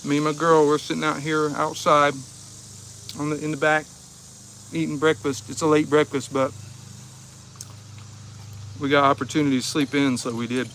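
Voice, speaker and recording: This laid-back livestream host from Ohio sits out behind his house among the insects, chatting and joking with viewers and chuckling a lot. His fairly high, fairly bright voice holds a level tone at a moderate pace with long pauses, and there's slight background noise.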